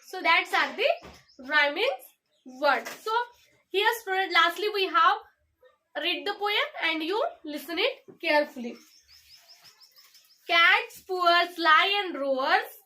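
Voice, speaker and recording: A young woman with an Indian English accent, a student teacher leading a poem lesson and spelling words out slowly letter by letter. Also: very high-pitched, lively intonation, bright, forceful tone, slight background noise, poor audio.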